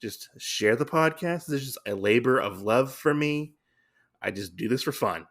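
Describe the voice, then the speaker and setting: A man's voice: medium pitch, expressive, moderate pace, gravelly, a bit bright. A man hosting his own podcast, recapping a comic book in a rambling, casual way with lots of fillers and restarts. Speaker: podcast host.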